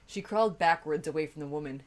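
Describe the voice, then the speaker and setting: Low-voiced woman teasing a fanfic. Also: quick pace. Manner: teasing, laughing commentary. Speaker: co-host. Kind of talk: comic fanfiction reading.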